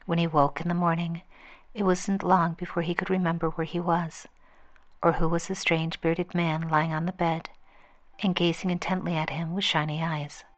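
Woman reading a fable in a flat voice. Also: lowish voice, normal speed, lo-fi sound. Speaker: storyteller.

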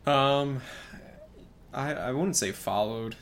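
A man with a mid-pitched voice co-hosts a casual sports podcast. He talks in a hesitant way and often stops to restart with an um or a like. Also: slow pace. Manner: hesitant, many fillers and restarts. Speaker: podcast co-host.

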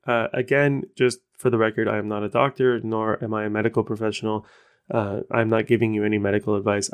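A man hosting his own podcast, talking casually in a rambling, self-deprecating way. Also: on the low side. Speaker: podcast host. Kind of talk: casual solo podcast talk.

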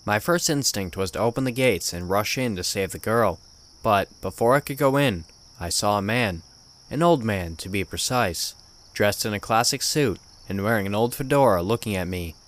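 A man narrating a horror story in a measured, grim storytelling manner. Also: lowish voice, animated, a bit bright. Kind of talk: scripted narration.

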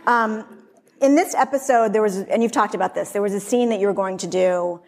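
A woman interviewer asking relaxed follow-up questions in a conversational way. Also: mid-range voice, a little fast. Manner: relaxed, laughs along, asks follow-ups.

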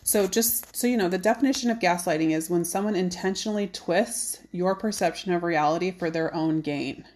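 A woman hosting a podcast in casual chat, animated, acting out quoted dialogue. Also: on the low side, brisk. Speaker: podcast host.

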